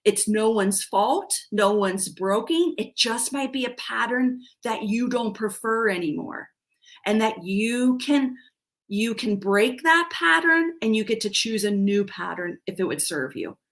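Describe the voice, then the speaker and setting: Middle-aged woman life coach talking on a livestream, earnest, keeps restarting, a bit high voice. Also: animated, unhurried, fairly bright tone. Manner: earnest, self-deprecating, restarts often. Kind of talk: live-streamed coaching talk.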